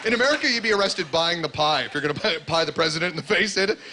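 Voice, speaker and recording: A man's voice: a little high, expressive, rapid-fire. A man doing a stand-up routine on a comedy club stage, rambling and full of fillers, slipping into mock voices for his characters. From Canada. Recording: loud noisy club ambience.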